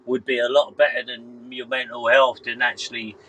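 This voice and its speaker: A man's voice: mid-range voice, little pitch movement, moderate pace, bright, forceful tone, poor audio. A man hosting a casual live stream from outdoors by a canal, talking into his phone in an easygoing way and repeating himself. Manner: easygoing, repeats himself, calls people mate. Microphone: phone camera.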